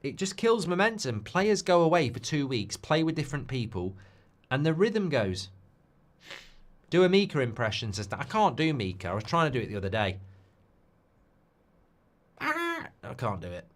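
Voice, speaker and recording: A man's voice: fairly high pitch, big pitch swings, brisk. A man hosting a live football watchalong stream, chatting off the cuff and answering viewer requests. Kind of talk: live-stream casual chat.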